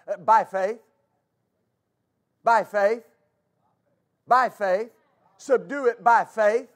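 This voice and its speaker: A fervent male pastor preaching with a notably high-pitched voice. He repeats his key phrases, stumbles into quick restarts, and calls for answers from the congregation. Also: animated. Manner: call-and-response with congregation. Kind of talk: preaching a sermon.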